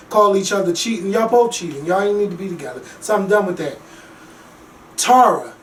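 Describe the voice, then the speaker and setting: A man hosting a casual talk show, ranting bluntly and profanely about reality TV, with lively swings in loudness. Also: sits high. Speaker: podcast host. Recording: echoey room, mic at a distance.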